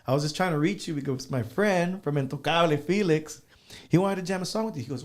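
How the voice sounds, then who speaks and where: A man's voice: a little high, fast. A man who is a musician guest on an interview show, telling casual anecdotes and dropping in Spanish phrases.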